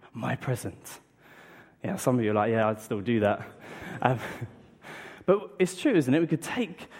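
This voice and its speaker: A man giving a lively children's talk at a church service, acting excited with gasps and questions to the audience. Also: fairly high pitch. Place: church hall. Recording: long reverb in a large hall, from a distance.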